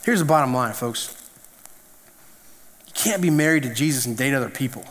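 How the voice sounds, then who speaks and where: A man preaching a conversational sermon, telling stories with animated restarts and asides. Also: mid-range voice, moderate pace, slight background noise. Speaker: pastor. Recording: echoey hall reverb.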